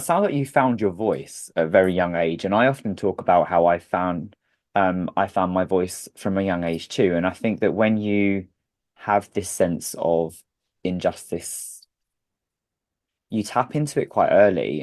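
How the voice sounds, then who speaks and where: A man with a very deep voice hosts a podcast interview. He talks in a reflective, thoughtful way, musing on his own past before he asks the guest his question. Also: darkish tone. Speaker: podcast host. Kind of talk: conversational interview.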